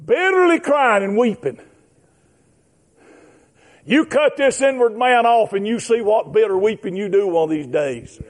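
A man preaching a fervent sermon, shouting and drawing out his emphatic phrases. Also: high-pitched, lively intonation, a little slow, pauses often.

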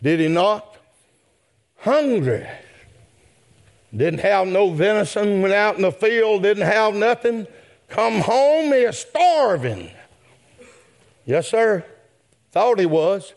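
A man preaching a sermon, addressing the congregation with "my friend" and "yes, sir" as refrains, and swelling into shouted peaks. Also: high voice, lively intonation, slow, vocal fry, pauses often.

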